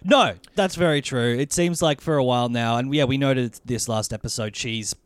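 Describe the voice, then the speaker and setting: A man's voice: mid-range voice, moderate pace, clean tone, dry recording. A man co-hosting a podcast, chatting casually, often agreeing with yeahs. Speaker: podcast co-host. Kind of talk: casual chat.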